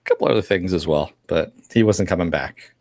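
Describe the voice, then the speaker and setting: Deep-voiced man in joking banter. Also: fairly quick, a little mellow, no echo, clean studio sound. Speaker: podcast panelist. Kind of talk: casual podcast chat.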